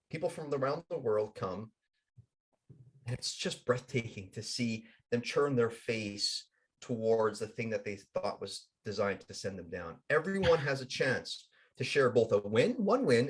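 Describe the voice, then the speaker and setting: A man who is a guest and coach on a podcast, telling a story and speaking emphatically and energetically. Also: medium pitch. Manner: emphatic, energetic, acts out voices. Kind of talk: animated storytelling and plugs.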